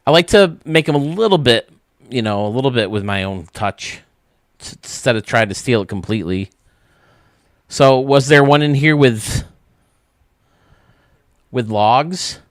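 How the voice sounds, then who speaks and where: A man's voice: mid-range voice, lively intonation, measured pace, pauses often, dry recording, studio quality. A man hosting a casual gaming stream, rambling and thinking aloud as he works, with frequent laughs. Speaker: streamer and game designer host.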